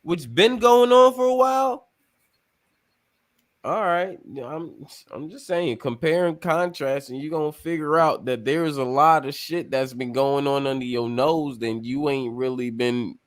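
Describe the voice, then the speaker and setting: In a casual chat on his talk show, a podcast host rambles and speaks emphatically, cursing freely as he explains his views. His voice is a little high and unhurried.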